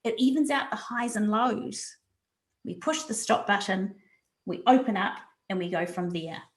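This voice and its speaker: A woman's voice: mid-range voice, unhurried, echoey room. A woman presenting a resilience webinar over a video call, talking animatedly and repeating words for emphasis. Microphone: video call mic.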